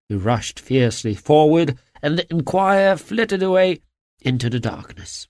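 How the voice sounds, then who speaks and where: A man reading a classic detective story aloud in an expressive storytelling manner. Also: a little high, unhurried, no echo, clean studio sound. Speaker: narrator.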